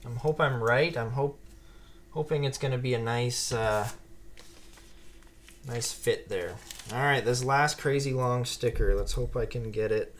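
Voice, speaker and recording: A man hosts a casual live stream, building Lego sets while chatting and reading viewer comments aloud. His medium-pitched voice is measured, with long pauses, over slight background noise.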